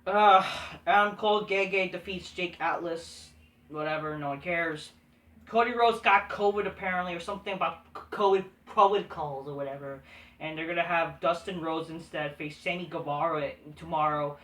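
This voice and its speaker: A woman with a fairly low, slightly bright voice speaks at a moderate pace in a profane, scornful casual rant dismissing wrestling shows she's reviewing. The room is echoey and the mic sits at a distance.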